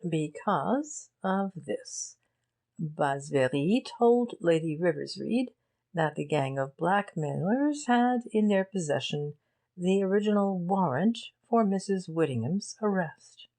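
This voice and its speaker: A shrewd gentleman walks through his reasoning in a low, unhurried voice, voiced by a woman reading an audiobook. His manner is measured and deliberate, each point placed with care. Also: expressive. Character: shrewd male gentleman explaining a case.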